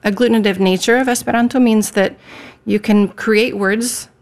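Patient woman with a creaky voice. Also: mid-range voice, fairly even intonation, moderate pace, darkish tone. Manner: patient, instructive. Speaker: guest language teacher. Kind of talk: explaining in an interview.

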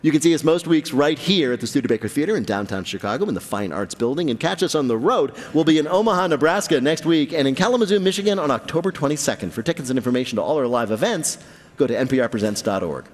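Joking radio quiz host, lively pitch. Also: male voice, fast. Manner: jokey, bantering, laughs often. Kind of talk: lively comedic radio hosting. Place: live theater stage. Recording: long theater reverb.

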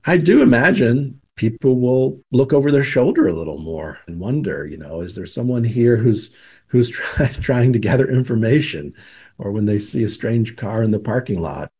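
A pastor, a man, speaks reflectively in a husky, middle-pitched voice. He stumbles slightly now and then as he talks. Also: expressive, moderate pace, a little mellow. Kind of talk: interview comments.

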